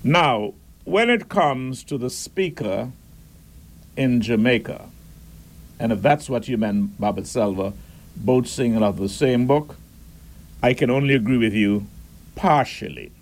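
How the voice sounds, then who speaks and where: A man delivers radio commentary at an unhurried, deliberate pace. His voice sits at an ordinary middle pitch. He reads out listener messages and weighs in with firm, opinionated views. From Caribbean. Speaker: radio talk show host.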